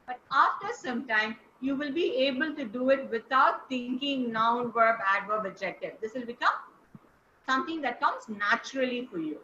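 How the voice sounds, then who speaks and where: A woman's voice: fairly high pitch, lively intonation, normal speed, sharp tone, slight background noise. A woman, coaching a class over a video call and quizzing listeners encouragingly. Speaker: speaking coach. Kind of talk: online teaching session. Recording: echoey, slightly dull call audio.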